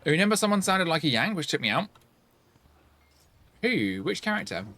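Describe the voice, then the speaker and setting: A man streaming a game and chatting casually with his viewers, reacting out loud with sing-song asides. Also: a little high, very animated, brisk. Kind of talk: casual chat while gaming, answering chat.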